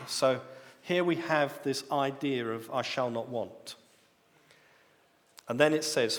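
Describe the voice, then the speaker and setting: A British man preaches slowly in a church hall, pausing often, his medium-pitched voice a little bright. He teaches methodically and raises his voice on key words while the hall's long reverb lingers.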